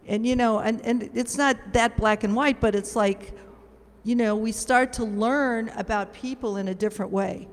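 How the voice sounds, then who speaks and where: A woman's voice: on the high side, fairly even intonation, normal speed, big-room sound. A woman from Chicago on a discussion panel who talks reflectively and poses rhetorical questions. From Chicago, United States.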